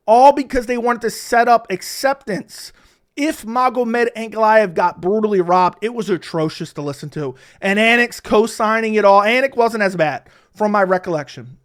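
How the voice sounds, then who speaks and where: A man's voice: extremely high pitch, fairly bright tone. A man giving heated, opinionated solo commentary on a fight card, ranting about the broadcasters. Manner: heated, ranting, mocks others in whiny voices. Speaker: MMA commentator.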